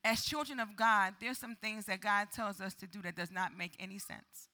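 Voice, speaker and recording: A woman's voice: mid-range voice, normal speed, sharp tone. A woman preacher delivering a sermon, with call-and-response and acted-out prayers.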